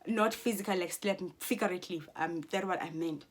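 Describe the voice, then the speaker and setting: A woman's voice: on the low side, fast, a little hiss or hum. A woman speaking to her viewers in a heated monologue, swearing often, repeating herself and restarting her sentences. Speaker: vlogger. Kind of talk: profane angry monologue to viewers.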